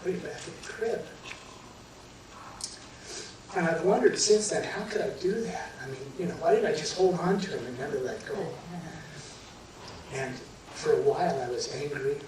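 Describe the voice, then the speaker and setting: Middle-aged man, emotional personal story, halting delivery, very echoey hall, distant mic, clear room noise. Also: a little high, a little mellow. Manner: halting, many restarts and fillers, choking up at times. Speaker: guest telling his near-death story. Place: large hall before a live audience.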